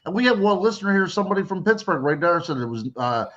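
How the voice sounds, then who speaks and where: A man's voice: high-pitched, big pitch swings, fast, fairly bright tone. A man from Western Pennsylvania, a guest on a radio talk show, chatting and joking with small restarts. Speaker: guest, cryptid author. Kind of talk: casual radio interview. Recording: dull lo-fi call-in line.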